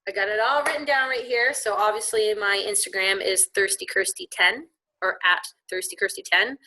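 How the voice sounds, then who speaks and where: A woman's voice: mid-range voice, steady tone, normal speed, pushed and bright, rough recording. A woman from the Liverpool area of England, a guest on a podcast, chatting in an upbeat way and laughing often. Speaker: podcast guest, beer blogger. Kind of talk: casual interview chat.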